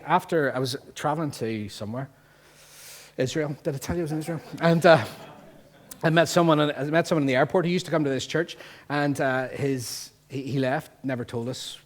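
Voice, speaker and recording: A man with a Northern Irish accent preaching a sermon as pastor, lively and jokey, full of rhetorical questions. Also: mid-range voice, breathy edge. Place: church.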